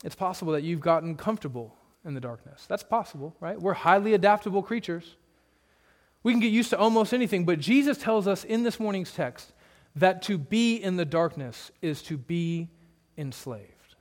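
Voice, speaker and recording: Male pastor, higher voice, earnest sermon delivery with emphatic hushed drops. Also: animated, moderate pace. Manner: earnest, emphatic preaching with sudden drops to a low hush. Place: church.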